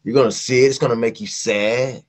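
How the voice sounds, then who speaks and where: Speaking fairly quickly in a mid-range voice, a middle-aged West Virginia singer shares stories as a guest in a casual interview. He tells them animatedly, imitating the voices he quotes.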